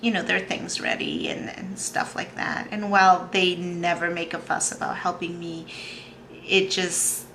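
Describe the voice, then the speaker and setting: A woman in her thirties talks to her camera in a video diary, emotional and close to tears. Her voice is low-pitched yet bright, with a gravelly edge, and she speaks slowly with many pauses. A faint background noise runs under the recording. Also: little pitch movement. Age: 30s. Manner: soft, halting, tearful-sounding talk with many pauses and fillers. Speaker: vlogger.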